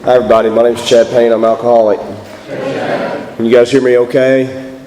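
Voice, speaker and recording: Hoarse Texan man in an echoey hall. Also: mid-range voice, level tone, moderate pace, crowd noise. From Texas. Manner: folksy, self-deprecating, joking. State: hoarse from a head cold. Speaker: guest speaker at a recovery meeting. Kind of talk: personal recovery talk. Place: church meeting hall.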